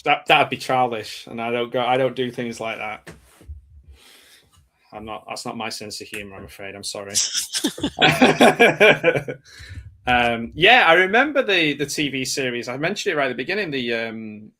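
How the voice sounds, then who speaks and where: Male host, bright tone, jokey and rambling. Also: medium pitch, lively intonation, normal speed. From Cumbria, England. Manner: jokey, rambling, laughs at own jokes. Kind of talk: casual chat.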